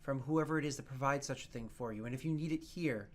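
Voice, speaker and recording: A man voicing a formal, patient bishop of a church in a tabletop game, speaking in a measured, halting way. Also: mid-range voice, natural voice. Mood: solemn.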